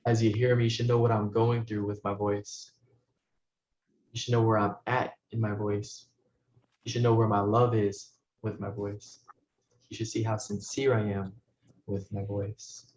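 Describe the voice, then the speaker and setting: A man teaching as a spiritual guide, talking listeners through a meditation in soft, slow, repeated phrases that often sink to a hush. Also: lowish voice, flat delivery. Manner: soft-spoken, slow, repetitive guidance, often dropping to a hush. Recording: roomy, dull recording with faint noise.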